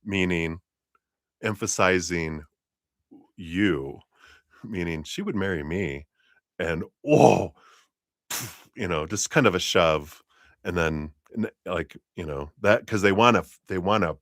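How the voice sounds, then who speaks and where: Guy doing a live tarot reading, low voice, dry close sound, loose rambly storytelling w/ laughs. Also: moderate pace, fairly bright tone, no echo. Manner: rambling, hesitant storytelling with many fillers and laughs. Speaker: tarot reader.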